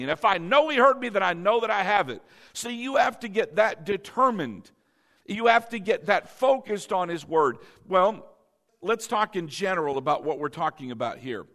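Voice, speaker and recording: A man's voice: high-pitched, bright, forceful tone. A man preaching a sermon to a congregation, stressing and repeating key phrases. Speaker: pastor.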